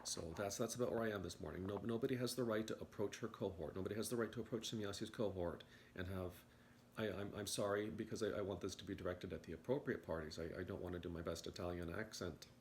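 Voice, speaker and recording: A man with a very low voice talks quickly through a rambling morning commentary, stumbling and repeating words as he restarts his thoughts. The sound is roomy and echoey, with a faint hiss underneath. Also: steady tone. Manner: halting, stammers and repeats words. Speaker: video commentator.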